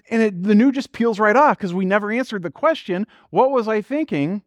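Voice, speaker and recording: A man's voice: high-pitched, animated, fairly quick, hardly any pauses, no echo, studio quality. A man preaching a sermon as pastor, in a conversational style full of rhetorical questions and acted-out quotes.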